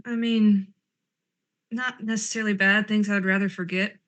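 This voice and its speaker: A woman's voice: mid-range voice, level tone, moderate pace, fairly bright tone. Woman player, in-character banter, gripes and rambles, sarcastic streak. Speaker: tabletop game player. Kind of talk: in-character role-play chat.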